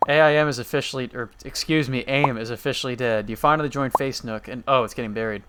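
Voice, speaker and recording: A man's voice: mid-range voice, fast talker, noisy background. A man streaming a game, reading its messages aloud in an easygoing running commentary.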